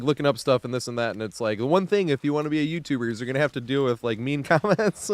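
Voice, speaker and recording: A mid-range voice belongs to a man on a live gaming stream who rambles, laughs a lot and sounds stoned and relaxed. Casual swearing comes up frequently. The recording is dry.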